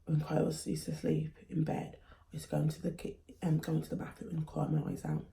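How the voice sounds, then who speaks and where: A woman's voice: sits low, completely flat delivery, fast talker, vocal fry, dark tone, a little hiss or hum. A young woman in her twenties from England, talking casually and earnestly to camera as a mum vlogger. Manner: chatty, earnest, frequent fillers. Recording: echoey room.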